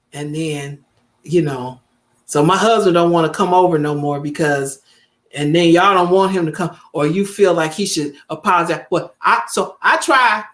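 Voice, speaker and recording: Chatty woman in her fifties. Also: on the low side. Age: 50s. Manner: chatty, emphatic, repeats points, acts out quoted family voices. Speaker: vlogger. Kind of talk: casual storytelling to camera.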